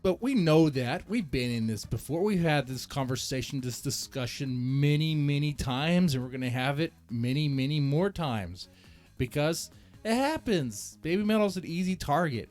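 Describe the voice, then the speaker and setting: A man's voice: normal speed, faint music behind. Rambling joking man ranting casually. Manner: rambling, joking, self-mocking, animated swings in pitch. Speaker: reaction channel host.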